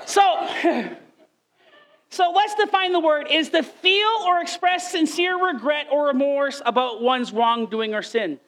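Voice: sits high, unhurried, a bit bright, rough recording. A preacher giving a conversational sermon indoors, joking with the congregation between passages.

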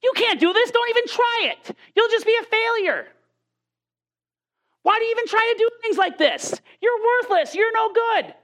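A woman's voice: very high-pitched, animated, normal speed, a bit bright, pitched above the performer's own voice. A woman voicing the devil as a taunting male spirit, sneering and repeating put-downs during a sermon.

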